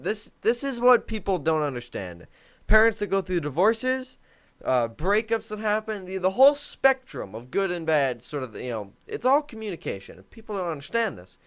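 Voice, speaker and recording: A man's voice: fairly high pitch, a bit bright, clean tone. A teenage boy hosting a comedic advice monologue, talking in a joking, mock-authoritative way. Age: teens. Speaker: host.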